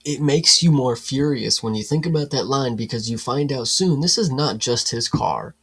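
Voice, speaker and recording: A man co-hosting a casual film review chat, animated and profane, acting out scenes in mock voices. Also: mid-range voice, moderate pace, slightly rough. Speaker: podcast co-host.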